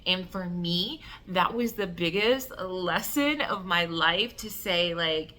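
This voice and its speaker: A woman telling an emotional personal story in an animated way, acting out the voices and filling her talk with "like". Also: on the low side, slow. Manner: animated, acts out voices and cries, many "like" fillers. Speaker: self-love coach telling a personal story.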